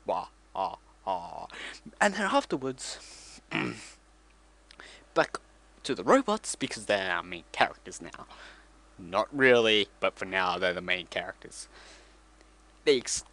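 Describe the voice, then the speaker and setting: A man's voice: lowish voice, big pitch swings, takes it slowly, pauses often, sharp tone. Casual male vlogger, rambling comic retelling, self-correcting.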